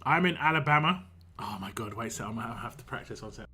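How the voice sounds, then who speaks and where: Man, game streamer, rambling casual chat, very bright voice, faint music behind. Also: medium pitch, lively intonation, fast, husky. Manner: rambling, chatty, laughs a lot.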